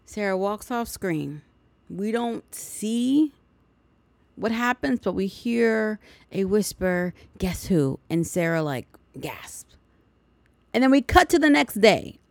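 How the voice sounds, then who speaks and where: A woman's voice: medium pitch, lively intonation, slow, vocal fry, dry recording. A woman hosting a podcast, recapping a movie in a chatty way with sarcastic asides. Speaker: podcast host.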